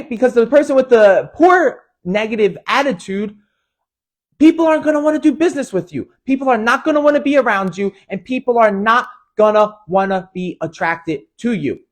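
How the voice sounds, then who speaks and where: A man hosting a motivational talk, asking the listener questions and tagging nearly every point with "right?", with frequent restarts. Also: high-pitched. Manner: repeats "right?" after each point, restarts often; coaching, asks the listener many questions. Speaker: host.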